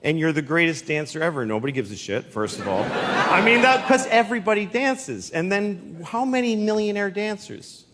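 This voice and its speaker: Stand-up comic, man, lively and bright-pitched, rambling delivery, noisy live room. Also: moderate pace. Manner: rambling, animated storytelling with laughs. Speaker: stand-up comedian. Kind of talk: stand-up set.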